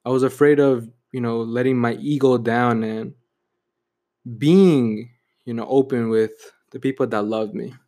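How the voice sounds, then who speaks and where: Brief: young adult man, mid-pitched, reflective personal storytelling, filler-heavy. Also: steady tone, measured pace, mellow. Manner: reflective, heavy use of "you know" and "like".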